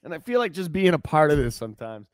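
A young man co-hosting a morning radio show, chatting in an excitable, animated way. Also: fairly high pitch, fast talker, dry recording, studio quality. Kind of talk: casual banter.

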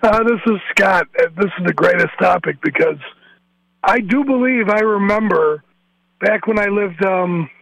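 A man's voice: high voice, moderate pace, gravelly, fairly bright tone, no room sound, low-quality recording. A man calling into a radio show, telling a hesitant, rambling story with many fillers. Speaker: caller. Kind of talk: phone-in call.

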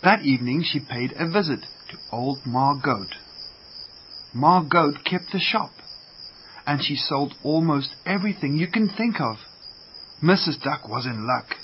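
Man slowly reading a children's story. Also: on the high side, animated. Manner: slow, gentle read-aloud. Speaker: radio storyteller. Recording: muffled lo-fi radio, faint hiss.

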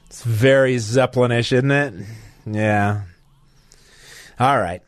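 A man's voice: medium pitch, steady tone, slow, no echo. A man hosting a talk radio call-in show, talking bluntly and with indignation to his callers. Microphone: studio microphone.

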